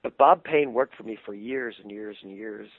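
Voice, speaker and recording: An older man, a puppeteer, telling animated anecdotes in an interview and laughing easily. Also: lowish voice, moderate pace, no room sound. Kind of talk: interview storytelling. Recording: tinny phone-line sound, dry.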